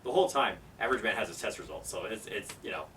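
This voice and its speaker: A man telling a story casually, animated and acting out the people in it. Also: on the low side, fast talker. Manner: animated, acts out every character. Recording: distant mic, faint background noise.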